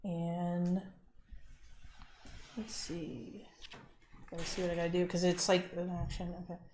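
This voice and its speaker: A woman's voice: on the low side, flat delivery, unhurried, darkish tone, echoey room, slight background noise. A woman playing a tabletop game, thinking aloud and reading her rules. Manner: deliberating, reads rules aloud. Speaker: player.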